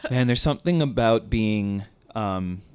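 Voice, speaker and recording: A man's voice: lowish voice, expressive, a little slow, smooth. A man hosting a podcast interview, easygoing and curious, asking follow-up questions. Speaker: podcast host.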